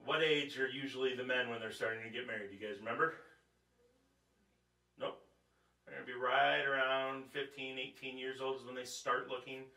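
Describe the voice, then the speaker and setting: A man's voice: mid-range voice, fairly even intonation, moderate pace, gravelly, pushed and bright. A man preaching at a Bible study in a conversational, joking way, asking his audience questions as he goes. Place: church. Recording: echoey room, distant mic.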